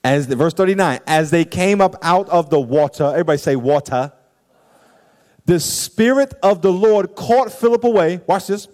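A man preaching a sermon, animated and acting out scenes and quoted voices for the congregation. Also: high-pitched, fairly quick, hardly any pauses. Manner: animated, acts out stories and quotes. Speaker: pastor.

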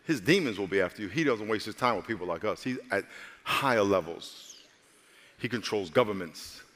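A man's voice: fairly low pitch, fairly bright tone, in a large hall. A male pastor preaching a sermon with humor, calling out to the congregation and voicing characters in his stories.

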